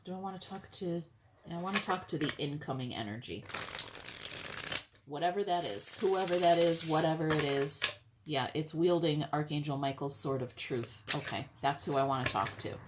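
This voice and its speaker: A woman with a low-pitched voice talks viewers through a tarot spread in a casual, chatty way. She is blunt and swears freely as she reads the cards. A faint hiss sits under the recording. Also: normal speed. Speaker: tarot reader.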